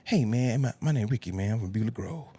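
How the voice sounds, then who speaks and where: A man voicing a fast-talking grown man who stammers as he hustles strangers for gas money. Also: lively intonation, dark tone, slight background noise, close to an everyday voice. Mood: pleading. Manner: rapid, stammering pitch.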